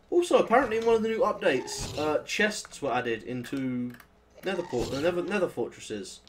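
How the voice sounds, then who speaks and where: A young British man with a British accent, chatting and swearing casually as he plays through a modded game, with sudden excitable outbursts. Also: fairly high pitch, slight background noise. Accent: British English. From Britain. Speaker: gaming channel host. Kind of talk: casual Let's Play commentary.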